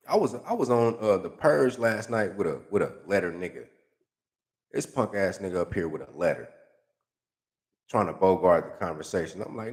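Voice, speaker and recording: This YouTube commentator reads comments aloud and mocks them, his low voice moving at a normal speed. His delivery is casual, profane, slang-heavy, sarcastic and animated.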